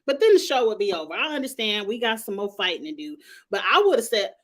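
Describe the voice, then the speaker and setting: A woman's voice: on the high side, fairly quick, a bit bright. A woman giving a casual, sassy TV review, talking bluntly and straight to the characters in slangy speech. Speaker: TV show reviewer. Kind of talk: casual commentary.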